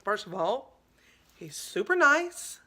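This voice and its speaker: A woman's voice: medium pitch, big pitch swings, slow, pushed and bright, breathy edge. A young woman telling a storytime vlog, chatty and dramatic, calling her viewers y'all. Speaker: vlogger.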